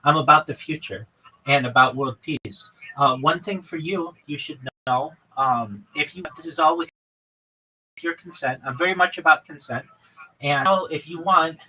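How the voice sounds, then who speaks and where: A man with a bright, slightly high voice, hosting a livestream and earnestly rattling off long lists of plans. He sounds set back from the mic, with a faint hiss of noise behind him. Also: distant mic, rough recording. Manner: earnest, lists many topics in long runs. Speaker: livestream host. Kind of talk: livestream chat with a caller.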